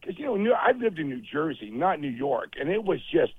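A man in his fifties, a former football player and guest on the show, telling animated stories and acting out the quotes over a phone line. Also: a little high, a little fast, slightly rough, dry recording. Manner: animated storyteller, acts out quotes. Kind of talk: casual phone interview storytelling.

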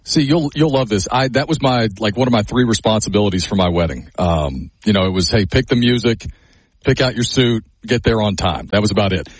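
A man co-hosting a casual chat, telling stories in an animated way. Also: lowish voice, a little fast, slightly rough, no room sound. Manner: animated storyteller.

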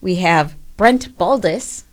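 Lady cohost on morning radio, dry plain delivery, lowish voice. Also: expressive, takes it slowly. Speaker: radio co-host. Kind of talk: casual radio banter.

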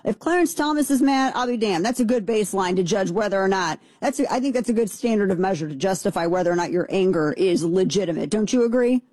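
A woman's voice: mid-range voice, quick pace, hardly any pauses, warm tone, dry recording. A woman hosting a show, giving an emphatic, opinionated political commentary monologue and repeating points for stress. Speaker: show host.

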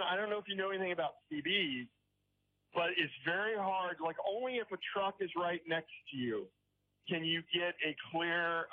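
A rambling male caller comes through a tinny, dry phone line, his voice sitting fairly high for a man. He hesitates and restarts, and keeps checking in with the host as he tells his story. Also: dry recording. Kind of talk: call-in radio story. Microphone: telephone.

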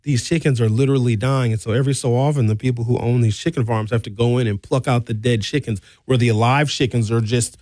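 A man, hosting a talk show and delivering an opinionated, animated monologue with blunt, sarcastic asides. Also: medium pitch, fast, hardly any pauses, no room sound, clean studio sound. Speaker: radio talk show host.

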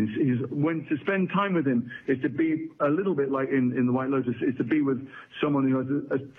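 A middle-aged English actor, a guest in a casual interview, speaks thoughtfully, articulately, and wryly, with some restarts. His mid-range voice is slightly rough, heard over a tinny, phone-like line.

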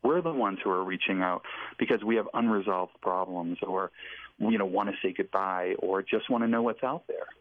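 A man co-hosting a talk show, explaining in a hesitant, halting way. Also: low voice. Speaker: co-host. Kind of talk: casual chat. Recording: dry, phone-like sound.

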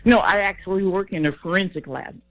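A woman's voice: lowish voice, fairly quick, faint music behind, poor audio. A woman in her fifties calling in to a radio show, cheerful and chatty. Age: 50s. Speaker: caller. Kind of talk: radio call-in.

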